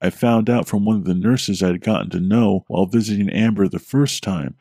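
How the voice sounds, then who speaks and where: Horror podcast host with a low, gravelly voice reading a story in steady, measured narration, dry sound. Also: male voice, no room sound.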